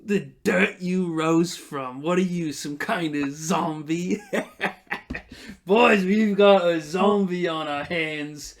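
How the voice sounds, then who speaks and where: A man puts on a menacing thug in a tabletop game, sneering and taunting with a slightly higher, louder voice. He mocks his target and goads him into a fight. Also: takes it slowly. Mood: mocking. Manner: taunting, mocking. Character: menacing male thug with a sword.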